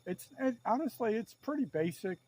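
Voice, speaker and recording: A fairly high-voiced man rambles through an outdoor cooking vlog in a forest, drifting between a put-on Southern drawl and his plain voice. He jokes at his own expense in a loose, casual way, over a faint outdoor ambience. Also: lively intonation, normal speed, mellow, slight background noise, rough recording. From Delaware, USA. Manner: joking, rambling, self-mocking.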